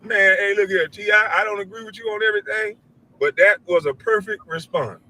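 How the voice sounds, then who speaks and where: A middle-aged man hosting a show, delivering a loud, profane, preachy commentary rant and mimicking others in a high voice. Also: fairly quick, rough recording. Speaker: show host.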